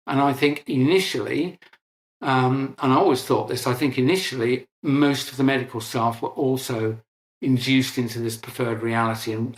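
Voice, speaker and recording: An older man speaks as an interview guest, working through technical detail and often stopping to correct himself. His voice sits at a middling pitch. The room around him gives a clear echo. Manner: detailed, technical, with frequent restarts and self-corrections. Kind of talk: explanatory conversational interview.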